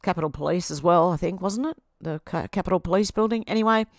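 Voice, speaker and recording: Speaking fast in a voice on the low side, this Australian livestream host reads out social media posts and fires sarcastic remarks back at them. Her audio is dry, with studio-grade clarity.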